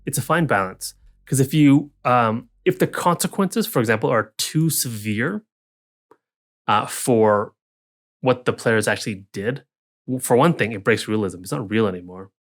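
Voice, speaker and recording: A man of medium pitch and moderate pace co-hosts a casual tabletop gaming podcast as its dungeon master. He chats in a rambling way, restarting as he goes and acting out lines for the townsfolk.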